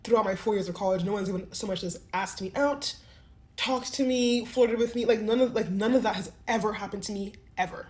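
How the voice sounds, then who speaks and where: A woman's voice: mid-range voice, brisk, darkish tone. A woman in her twenties, rambling emotionally in a confessional vlog. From United States. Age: 20s. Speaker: vlogger in a played clip.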